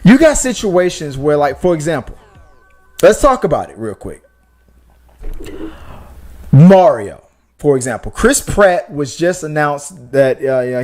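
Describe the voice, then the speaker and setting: A man's voice: medium pitch, animated, moderate pace, pauses often, a little mellow, faint music behind. A man co-hosting a casual live-stream movie talk show, making his points with emphatic rhetorical questions. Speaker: podcast co-host.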